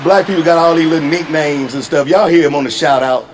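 A man does a lively stand-up bit, his voice sitting a little high for a man. A faint room ambience hangs under his voice. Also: fast, some chatter behind, a little hiss or hum. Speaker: stand-up comedian. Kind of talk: stand-up comedy set.

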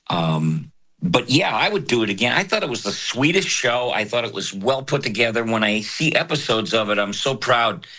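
An older man, a voice actor, talking in an interview in a reflective, halting way with many fillers. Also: fairly low pitch, bright, forceful tone. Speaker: voice actor guest. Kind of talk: casual interview talk.

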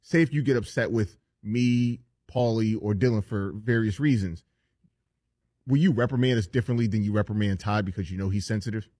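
A man's voice: lowish voice, brisk, mellow, no echo, clean studio sound. A man on a radio show crew asking the host questions in an easygoing way. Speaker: show regular. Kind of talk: casual studio banter.

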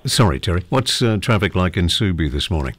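A man's voice: sits low, sing-song, brisk. A man with an Australian accent hosting a casual phone-in radio show, chatty and jokey. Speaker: radio host.

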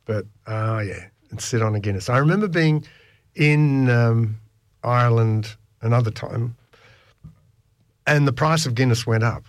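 A man's voice: mid-range voice, a little slow, no room sound, clean studio sound. A man, hosting a casual radio chat, telling stories and laughing often. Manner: chatty storyteller, laughs often.

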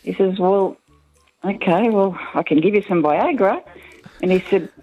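A woman's voice: mid-range voice, moderate pace, breathy edge. A woman calling in to a radio show and telling a joke in a chatty, storytelling way with a few ums. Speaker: caller. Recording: dull lo-fi phone line.

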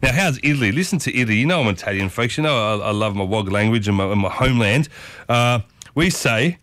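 A man's voice: medium pitch, animated, fast, fairly bright tone, no echo. A man hosting a breakfast radio show in a studio, chatting casually to listeners and repeating pet phrases. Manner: chatty, repeats "I'll tell you what", addresses listeners as folks. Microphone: studio microphone.

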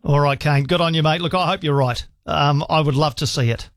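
Chatty New Zealand talkback host. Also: male voice, on the high side, a little fast, dry recording. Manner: chatty, reads listener emails aloud. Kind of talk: talkback radio. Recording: dry studio sound with faint music.

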